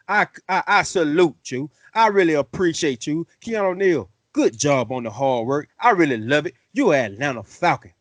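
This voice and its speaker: A man hosting a sports fan show, excitable and playful, full of slang. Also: fairly high pitch, no room sound. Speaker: host. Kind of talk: fan sports podcast talk.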